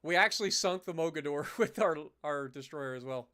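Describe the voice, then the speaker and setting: A casual young man thinks aloud as he plays a naval strategy game for a live stream. His throat is slightly rough, so he keeps clearing it between lines. His voice sits a little above the usual pitch for a man, and he lets the odd curse slip in. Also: fairly quick, pushed and bright.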